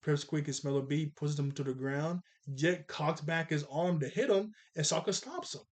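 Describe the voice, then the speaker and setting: A man casually recapping a cartoon episode, animated and chatty, acting out the characters' lines in jokey voices. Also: fairly high pitch, moderate pace, hardly any pauses. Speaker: cartoon reviewer.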